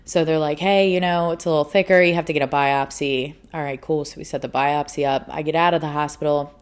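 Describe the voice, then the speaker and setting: A young woman with a low voice tells a personal story to her podcast listeners. She talks in a lively, casual way, laughs often and swears without a second thought. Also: brisk, clear, resonant tone. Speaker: podcast host.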